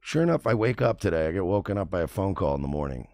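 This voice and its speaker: A streamer, a man, telling a story casually in an animated, profane, exasperated way. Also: sits low, fast talker, no echo.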